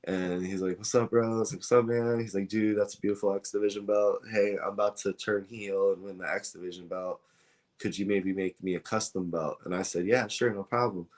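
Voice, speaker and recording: A man's voice: low-pitched, fairly even intonation, a little fast. A man, a guest on an interview show, telling a story in a casual, rambling way with many fillers and acted-out dialogue. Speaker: belt maker, guest.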